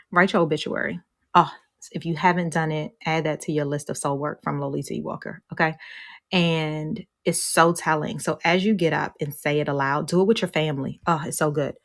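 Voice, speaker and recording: A woman's voice: low-pitched, no room sound. A woman hosting a live coaching talk, chatty and encouraging, asking the audience questions and then reading her own poem in a rhythmic spoken-word style. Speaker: host and coach.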